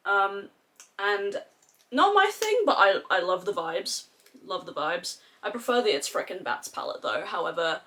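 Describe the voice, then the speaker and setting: A woman's voice: medium pitch, sharp tone. A young Australian woman chatting casually and animatedly through a makeup tutorial, with slangy, sweary asides. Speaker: beauty vlogger.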